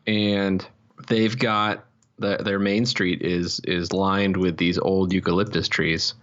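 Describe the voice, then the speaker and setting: A man's voice: deep voice, flat delivery, slow pace, fairly bright tone, dull audio. A man co-hosting a science podcast, chatting in a laid-back way with dry one-liners. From United States. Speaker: podcast co-host. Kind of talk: casual chat.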